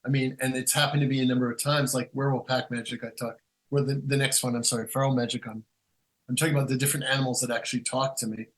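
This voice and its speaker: A man's voice: medium pitch, racing, rough recording. A man who is a guest author, talking casually and rambling through stories with many restarts and acted-out quotes. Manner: animated, acts out quotes in storytelling. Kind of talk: casual conversational storytelling.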